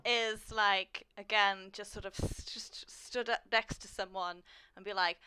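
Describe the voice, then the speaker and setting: Slow-talking bright woman player. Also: mid-range voice, steady tone. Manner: playful, loud outbursts and swearing. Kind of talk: casual tabletop play.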